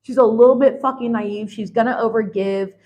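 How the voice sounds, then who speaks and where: Young woman doing a tarot reading, kinda high voice, blunt and sweary, laughs a lot. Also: steady tone, a little fast, highs cut off. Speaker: tarot reader.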